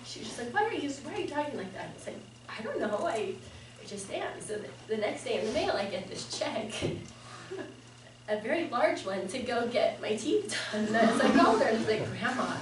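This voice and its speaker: A woman's voice: fairly high pitch, very animated, noisy background. Woman giving a eulogy, echoey and distant. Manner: halting, with fillers and frequent laughs. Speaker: family member giving a eulogy. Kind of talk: personal memorial speech. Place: memorial service room.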